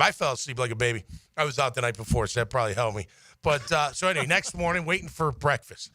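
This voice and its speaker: A middle-aged man, a former player, tells a story in a casual, animated way and acts out the people he quotes. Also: fast talker, no echo. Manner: animated, acts out quotes with big pitch swings. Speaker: former player telling a story on sports radio.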